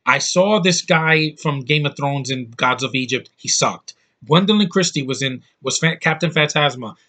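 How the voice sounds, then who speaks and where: Exasperated man ranting, bright and tense. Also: medium pitch, normal speed. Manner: frustrated, blunt, swearing, exasperated. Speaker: YouTube vlogger. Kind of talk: angry opinion rant.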